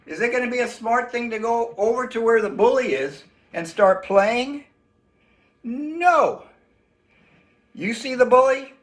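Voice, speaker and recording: A man teaching a children's self-defense lesson in an animated way, acting out shouts for the kids. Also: sits high.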